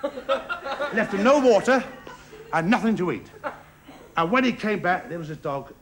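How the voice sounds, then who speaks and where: A man doing a stand-up comedy routine on a theatre stage, with a bumbling, halting delivery and a giggling laugh. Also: sits high, very animated, a crowd in the background. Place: theatre stage before a live audience. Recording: archive stage recording with loud audience laughter and hiss. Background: audience laughter.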